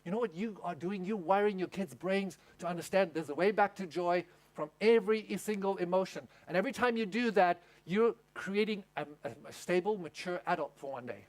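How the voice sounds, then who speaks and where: A male pastor with a high-pitched voice preaches at a camp meeting. He tells a story step by step and throws questions out to the congregation. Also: fairly quick, hardly any pauses. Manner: storytelling, asks the audience questions. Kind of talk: sermon.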